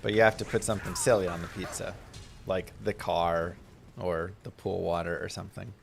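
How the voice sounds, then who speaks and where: Gravelly-voiced man streaming a game. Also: low voice, flat delivery, normal speed, faint music behind. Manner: chatty, storytelling about family between game tips. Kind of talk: casual gameplay commentary.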